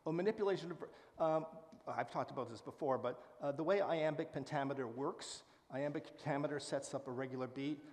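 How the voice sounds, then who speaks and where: A man giving a public talk and answering audience questions, speaking with lively enthusiasm and frequent fillers. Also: fairly high pitch, fairly quick, few pauses, big-room sound. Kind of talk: public lecture and Q&A. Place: lecture hall with live audience.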